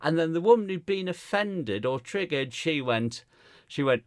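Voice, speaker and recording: A man's voice: fairly high pitch, moderate pace, clear, resonant tone, dry recording, studio quality. A man, a stand-up comedian co-hosting a podcast and telling a gig story in casual chat, acting out the people he quotes. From Gateshead, northeast England. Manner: animated storyteller, acts out quotes, laughs often.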